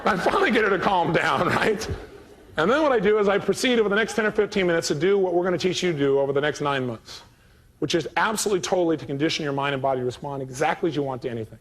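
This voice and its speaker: Fast-talking husky male seminar speaker. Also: a little high. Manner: animated storyteller acting out both sides of dialogues. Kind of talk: live seminar storytelling to an audience.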